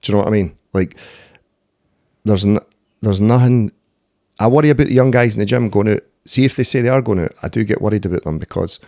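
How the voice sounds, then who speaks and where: This podcast guest, a Scottish MMA fighter and doorman in his thirties, talks fast with a low, dark voice, telling stories bluntly and swearing freely in a conversational interview. He keeps saying "eh" and "mate," and the sound is dry and clean, studio-grade.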